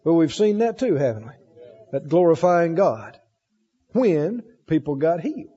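A man preaches in a high, lively voice, its tone mellow and slightly husky, reading scripture and asking his congregation questions. He sounds like an old, dull sermon tape recorded in a church with a long reverb. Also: a little slow. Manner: animated preaching, reads scripture aloud, asks the congregation questions. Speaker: pastor.

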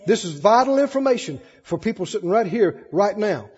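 A man preaching a sermon, animated, swinging between loud emphasis and soft asides. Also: sits high, moderate pace, hardly any pauses, slightly rough, in a large hall, lo-fi sound.

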